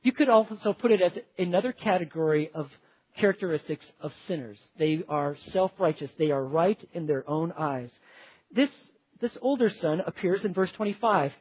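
A man's voice: sits high, moderate pace, slightly rough, dry recording, highs cut off. A man preaching a sermon in an earnest, emphatic way, often building lists of words one after another.

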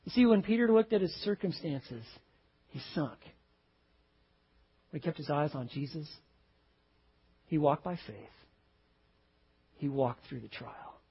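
A man preaching a sermon, telling a story with animated swings from loud exclaims to hushed, tender lines. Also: a little high, measured pace, pauses often, husky, highs cut off. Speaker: pastor.

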